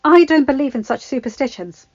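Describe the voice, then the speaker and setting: Woman reading as a calm, wry young woman. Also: high voice, brisk, no room sound, highs cut off, voice pushed up. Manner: calm, matter-of-fact. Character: calm, poised young woman, dry wit.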